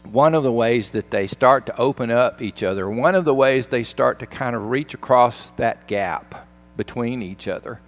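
A pastor giving a sermon, retelling a film scene in an animated, emphatic way. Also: male voice, medium pitch, normal speed.

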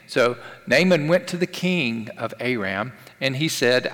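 A man's voice: medium pitch, expressive, unhurried, a bit bright. A man preaching a sermon in a conversational way, asking rhetorical questions and repeating key phrases for emphasis. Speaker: pastor. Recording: long hall reverb.

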